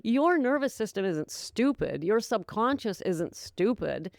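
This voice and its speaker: A woman's voice: mid-range voice, big pitch swings, unhurried, vocal fry, no room sound, studio quality. A woman hosting a solo sobriety podcast, talking in a chatty, encouraging way and laughing often. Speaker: podcast host and sobriety coach. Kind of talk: casual solo podcast talk.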